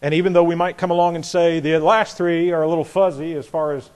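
A man with a slightly high voice leads a Bible study class. He talks deliberately, restarts and repeats words, and puts questions to his listeners. When he reads scripture aloud, he leans on the key words. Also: steady tone, a little mellow. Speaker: Bible teacher.

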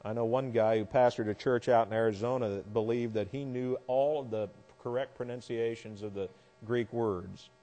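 A man's voice: medium pitch, steady tone, moderate pace, warm tone. Man teaching a Bible class in a reverberant hall. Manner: explanatory with wry asides.

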